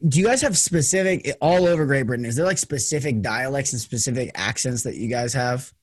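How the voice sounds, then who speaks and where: A man's voice: medium pitch, animated, brisk, no echo. Chatty young American man, dry sound. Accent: General American. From Las Vegas, USA. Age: young adult. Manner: chatty, loose, full of "like". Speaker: host. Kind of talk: casual conversation.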